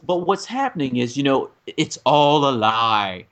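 A man's voice: medium pitch, big pitch swings, a little slow, fairly bright tone. A man co-hosting a casual film chat, giving long rambling explanations of a movie's story.

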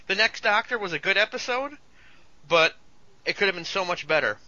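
In casual talk on a fan podcast, a male co-host jokes eagerly and keeps quoting lines in imitated voices. His high-pitched voice is animated, fairly quick and sharp, captured in a dry, dull lo-fi recording.

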